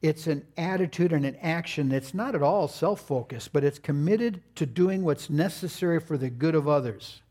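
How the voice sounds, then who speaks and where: A man's voice: mid-range voice, a little mellow. An older man preaching a sermon, telling folksy family stories with playful asides. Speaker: pastor.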